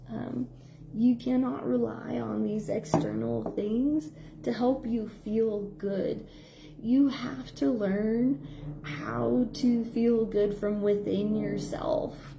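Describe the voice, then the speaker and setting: A woman's voice: gravelly, warm tone, slight background noise. A middle-aged woman, a psychotherapist, talking in a rambling stream-of-consciousness monologue full of fillers. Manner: rambling, filler-heavy, with playful squeak sound effects. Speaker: psychotherapist and behavior analyst.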